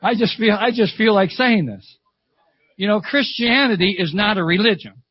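A man's voice: high-pitched, expressive, normal speed, breathy edge, no room sound, muffled recording. Fervent older man preaching a sermon. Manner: fervent storytelling preacher, repeats phrases, calls "Amen". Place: church service.

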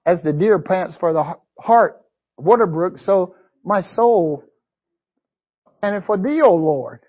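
High-voiced husky male preacher. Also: expressive, takes it slowly. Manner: call-and-response asides, frequent "amen" and "you know"; reads scripture aloud in a preaching cadence. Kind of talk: sermon. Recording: dull lo-fi recording.

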